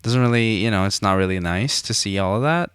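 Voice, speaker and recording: A man's voice: lowish voice, fairly quick, fairly bright tone, smooth, no echo, studio quality. A man hosting a casual podcast chat, laid-back and slangy, dropping "bro" often. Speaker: podcast host.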